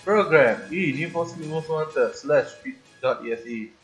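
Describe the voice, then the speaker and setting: A man livestreaming a racing game, excitable, swearing often and complaining loudly at the game. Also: on the high side, normal speed. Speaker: streamer playing a racing game. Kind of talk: livestream gaming commentary. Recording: slightly dull lo-fi stream audio, faint game music behind.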